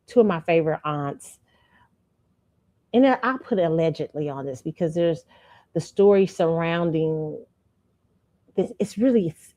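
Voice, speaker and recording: A woman host with a lowish voice, chatting through a personal story. She talks in a lively, animated way and keeps turning to her listeners as y'all. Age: adult student. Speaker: show host. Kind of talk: casual storytelling commentary.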